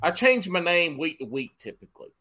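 A man's voice: a little high, sing-song, brisk, bright, forceful tone. A man co-hosting a podcast, joking and teasing in casual banter. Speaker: podcast co-host.

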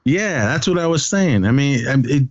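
A man's voice: mid-range voice, lively intonation, moderate pace, dry recording, highs cut off. A man co-hosting a casual film podcast, retelling a story in a rambling way with many fillers. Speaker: podcast co-host.

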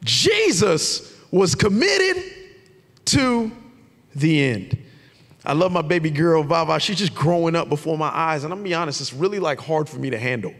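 A man preaching a lively, conversational sermon, shouting out his key points. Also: a little high, fast, hardly any pauses, long reverb tail. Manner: animated and conversational, with shouted emphasis. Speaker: pastor.

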